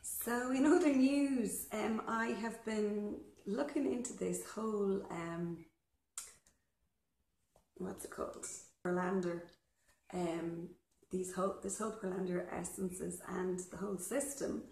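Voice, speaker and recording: A woman chatting casually to camera outdoors in her garden while she works, unhurried, with lots of ums and a little out of breath. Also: medium pitch, a little mellow, echoey room. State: slightly out of breath from physical work. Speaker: vlogger.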